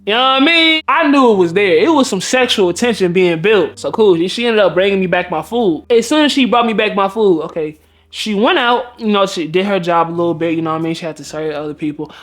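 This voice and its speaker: A man's voice: high-pitched, animated, a little fast, a bit bright. A man, a dating coach, telling a personal story in a slangy, laid-back way that breaks into laughing outbursts. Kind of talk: casual storytime monologue.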